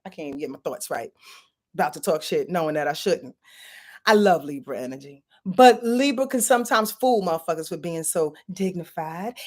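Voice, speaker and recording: A woman's voice: lowish voice, expressive, brisk, a little mellow. A woman hosting an astrology forecast in a chatty, profane way, often laughing at herself. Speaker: astrology channel host. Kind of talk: casual spoken astrology forecast.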